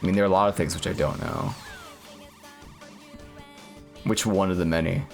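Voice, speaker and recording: A man streaming a game and chatting casually, rambling with lots of filler words and deadpan jokes. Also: low-pitched, racing, vocal fry, soft background music. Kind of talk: casual gaming stream chat.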